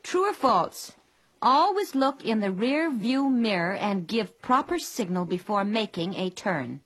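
An actress playing a fussy, cheerful wife who drills her husband in a 1940s radio comedy, chirpy and patronizing, with a breathy voice. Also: medium pitch, lively intonation, measured pace, a bit bright. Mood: coaxing. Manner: chirpy, patronizing, keeps calling him dear.

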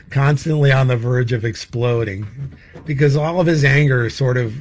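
A man of middling pitch telling a story in a loose, rambling way, full of fillers and restarts. He chuckles through his own story as he goes, keeping it casual and chatty. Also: moderate pace. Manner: rambling, laughing as he tells stories, many fillers.

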